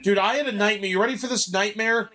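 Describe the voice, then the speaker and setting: A man talks with a friend in a loose, casual way while he plays a video game. His voice sits high and sounds sharp and bright. He tells his story with animated energy and curses freely. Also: fast. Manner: animated storytelling, heavy swearing. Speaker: gamer chatting while playing. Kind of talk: casual chat.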